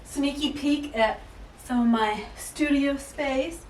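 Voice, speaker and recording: Woman home vlogger, slightly high voice, playful and jokey, recorded from a distance in a room with echo. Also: takes it slowly, darkish tone, slight background noise. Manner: playful, joking, self-mocking asides. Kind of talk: casual chatty vlog while cleaning. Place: inside a house. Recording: echoey room, mic far off.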